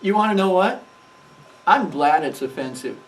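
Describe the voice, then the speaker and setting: A man's voice: high-pitched, lively intonation, moderate pace, distant mic, poor audio. A man co-hosting a reaction show, speaking in a defiant way with the emphasis of a preacher. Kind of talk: casual commentary reacting to a sermon.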